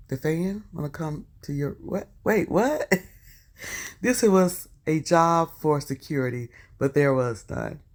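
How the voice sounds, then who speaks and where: A woman with a Southern US accent reading posts aloud for her channel and breaking in with chatty asides and exclamations. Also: low-pitched. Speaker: YouTube commentator.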